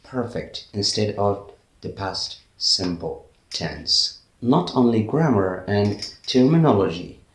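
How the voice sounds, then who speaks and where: A man with an Arabic accent teaching a lesson on English pronunciation, sounding out example words slowly and carefully. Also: mid-range voice, vocal fry, reverberant. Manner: slow, careful enunciation when giving example words. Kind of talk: language lesson to camera.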